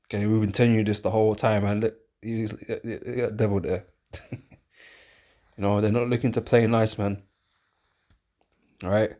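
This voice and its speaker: A man's voice: lowish voice, flat delivery, moderate pace, pauses often, warm tone. A man preaching informally, rambling and emphatic, with many fillers and tag questions. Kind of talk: informal preaching with scripture reading.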